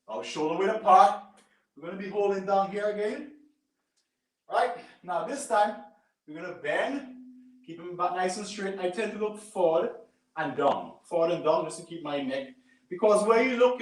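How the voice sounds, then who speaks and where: Male fitness instructor, higher voice, live workout coaching, roomy sound from a few steps off the mic. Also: recorded from a distance. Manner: coaching, repeats "right?" and "boom". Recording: echoey room, away from mic.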